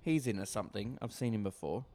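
A man's voice: lowish voice, expressive, quick pace, a little mellow. A man chatting casually, describing what happens on screen while watching a movie with a friend. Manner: narrates the on-screen action. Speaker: movie commentator. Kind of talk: casual movie commentary chat.

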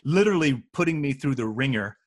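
A man co-hosting a podcast, telling animated anecdotes in a casual way with frequent restarts. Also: mid-range voice, brisk. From United States. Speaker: podcast co-host. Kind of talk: casual storytelling.

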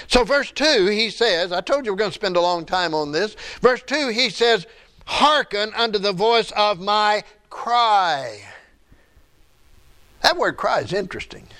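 A man's voice: high-pitched, fairly bright tone. A middle-aged man preaching a sermon as pastor, building emphasis and adding asides to the congregation.

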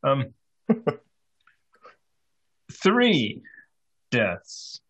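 A man's voice: medium pitch, wildly swooping pitch, drawn-out words, fairly bright tone, breathy edge. A man playing a tabletop role-playing game, talking hesitantly with lots of ums and dry jokes. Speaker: player.

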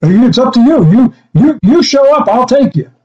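A man's voice: very high-pitched, big pitch swings, normal speed, darkish tone, lo-fi sound. An older man, a former coach, telling rambling stories in a casual interview, with chuckles and self-interruptions. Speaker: guest, former special teams coach.

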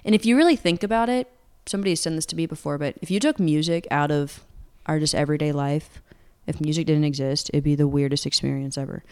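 A woman's voice: deep voice, fast, few pauses, darkish tone, clear, resonant tone. A woman in her twenties, a singer-songwriter from Atlanta, chatting casually in an interview, rambling with lots of fillers. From Atlanta, United States. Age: 20s.

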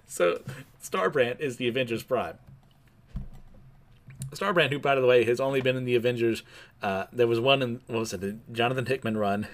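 A man's voice: mid-range voice, moderate pace, pauses often, a little hiss or hum. A man recapping a comic book in a casual, wry, chatty way with asides.

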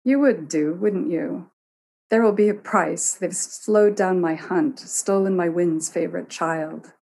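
A woman's voice: on the low side, takes it slowly, warm tone, heavily acted. A woman doing a cranky one-eyed god. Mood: grudging. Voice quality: gruff and impatient. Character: irritable one-eyed male god, stern and imperious.

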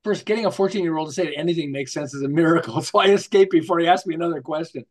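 A man's voice: a little high, racing. A man, a guest on an interview show, telling stories animatedly, acting out scenes and restarting his sentences as he goes. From United States. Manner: animated, acts out quotes and scenes; rambling with restarts, tells jokes. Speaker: guest, marketing author. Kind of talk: storytelling interview.

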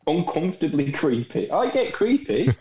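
A man joining a casual chat over a video call, hesitant and animated. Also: a little high, normal speed. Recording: echoey video call audio.

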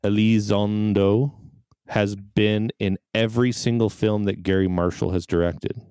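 A man's voice: on the low side, level tone, unhurried, darkish tone, smooth, dry recording, clean studio sound. A man co-hosting a casual podcast chat, reading out movie trivia and laughing often. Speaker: podcast co-host.

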